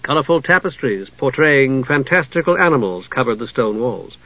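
Brief: male audiobook narrator, measured, mid-pitched, dull lo-fi dry recording. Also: expressive, dry recording. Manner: measured storytelling. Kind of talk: scripted narration.

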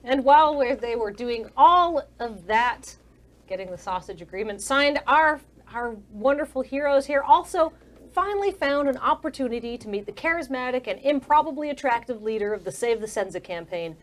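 A woman's voice: high voice, animated, moderate pace. Wry woman game master narrating.

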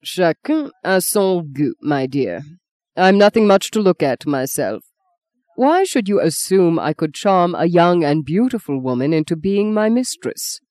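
A woman's voice: on the low side, very animated, measured pace, a little mellow, no room sound. A woman voicing a self-assured older male politician who speaks mildly and drily in an audiobook reading. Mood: dry. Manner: mild, dry, teasing.

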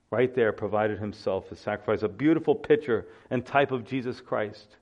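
Male pastor giving a lively storytelling sermon; average pitch, slightly dull recording. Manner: animated storytelling preacher, acts out voices.

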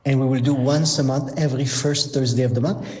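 A man with a husky voice, tired from a sleepless night, chatting as a wine expert guest on a radio show, laughing often and pausing on fillers. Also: medium pitch, fairly even intonation, warm tone. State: tired from being up all night. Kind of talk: casual radio chat.

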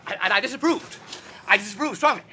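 Jittery posh young gent, stammers, talks fast, bright high voice, faint hiss and clicks. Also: lively intonation. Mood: flustered. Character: flustered young upper-class gentleman, chatty and evasive.

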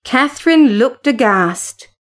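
A woman narrating a classic novel as an audiobook, in a calm and measured way. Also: sits high.

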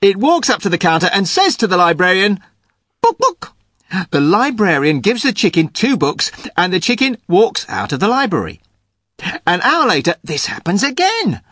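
Brief: husky, playful male joke-teller, pitch swinging widely, dry sound. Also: sing-song, normal speed, a bit bright, dry recording. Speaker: studio guest telling a joke. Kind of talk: telling a joke.

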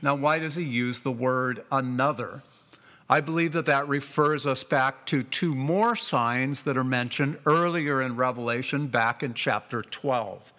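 A man preaching a sermon as pastor, emphatic and deliberate, repeating phrases for weight. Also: mid-range voice, pushed and bright. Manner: slow and deliberate, drawn-out phrases.

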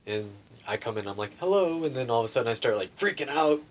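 A man's voice: medium pitch, fast. Rambling young man telling a story. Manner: rambling, full of "like" and swearing, laughs often. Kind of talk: casual storytelling chat. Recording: faint background noise.

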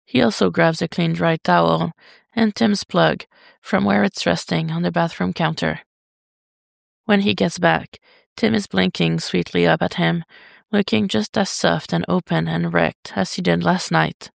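A woman reading fiction aloud as a podfic, in a steady, unhurried way. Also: fairly low pitch, creaky, dry recording, clean studio sound. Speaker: podfic reader. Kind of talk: slow fiction narration.

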